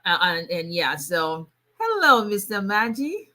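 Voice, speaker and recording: Bright-voiced woman attorney chatting live. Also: mid-range voice, very animated, unhurried. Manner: chatty, laughs often, frequent restarts. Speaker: immigration attorney hosting a livestream. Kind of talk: casual livestream chat.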